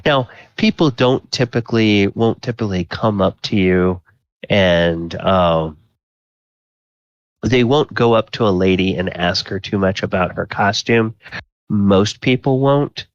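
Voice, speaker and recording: A man running a tabletop game as dungeon master, narrating slowly with many ums and uhs. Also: fairly low pitch, highs cut off. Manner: slow, filler-heavy descriptive narration.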